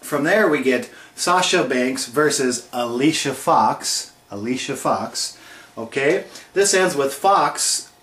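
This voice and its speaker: A man delivers a casual wrestling show review in a playful, joking manner, often posing rhetorical questions to the viewer. His voice sits at an ordinary middle pitch. The recording carries a noticeable roomy echo. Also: animated, slow, a bit bright. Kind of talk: casual recap commentary.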